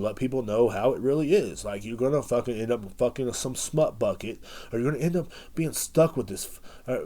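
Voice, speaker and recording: A man's voice: medium pitch, darkish tone. A man hosting his own podcast, ranting in a rambling, sardonic, profanity-heavy monologue. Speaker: podcast host. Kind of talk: casual rant monologue.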